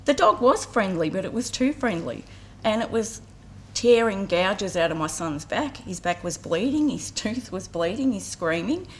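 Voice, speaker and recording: An Australian woman in her forties, a community vet care speaker, tells a story to the audience at an outdoor community campaign launch. Her mid-range voice has lively intonation and a moderate pace, and she speaks earnestly, briefly acting out voices. There's a little hiss or hum on the recording.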